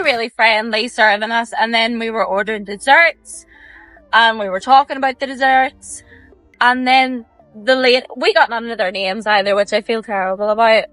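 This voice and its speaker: A woman's voice: on the high side, a bit bright, poor audio. A woman chatting to camera from inside a car, gushing and laughing as she talks about a diner. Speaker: travel vlogger. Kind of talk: casual chat to camera.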